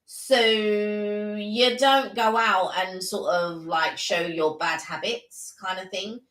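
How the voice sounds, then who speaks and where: A woman's voice: medium pitch, steady tone, takes it slowly, a bit bright, roomy sound, poor audio. A woman co-hosting a live stream, telling rambling anecdotes with lots of fillers in casual chat.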